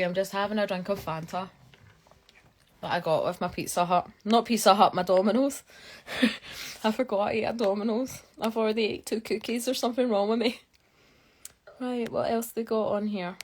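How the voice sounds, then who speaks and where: A woman's voice: mid-range voice, steady tone, normal speed, long pauses. A young Scottish woman chatting casually and enthusiastically on a phone live stream, filling her talk with "like". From Scotland. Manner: chatty and enthusiastic, many fillers. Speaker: geologist hosting a live stream.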